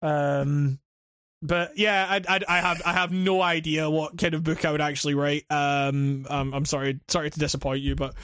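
A man's voice: on the high side, fairly even intonation, fairly bright tone, smooth, dry recording. Brief: stammering guy in loose chat, dry close sound. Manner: halting, stammers and restarts. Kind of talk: casual chat.

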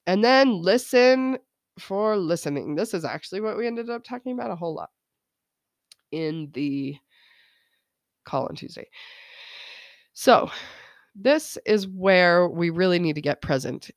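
Chatty laughing mom podcaster. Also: female voice, expressive, measured pace, long pauses, dry recording, studio quality. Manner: chatty, laughs often, quotes kids in high voices. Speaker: podcast host. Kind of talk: casual solo podcast talk.

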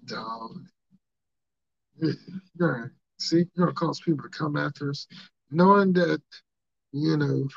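A man hosting a podcast, joking and rambling loudly in slangy, casual banter with his co-hosts. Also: fairly high pitch, creaky, breathy edge. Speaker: podcast host. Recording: dull lo-fi podcast audio.

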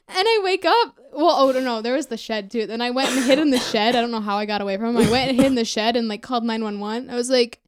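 A woman's voice: sits high, brisk. A woman guest on a casual podcast chat in a bathroom, telling stories in a bubbly way full of fillers. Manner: bubbly, filler-heavy storytelling. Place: bathroom, seated.

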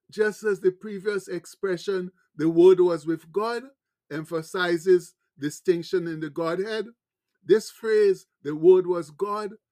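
Slow, emphatic high-voiced male preacher. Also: darkish tone. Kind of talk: sermon.

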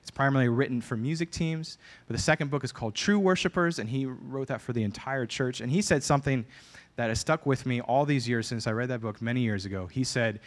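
A man's voice: medium pitch, brisk. A man preaching a sermon as pastor, earnest and emphatic, often repeating phrases for weight.

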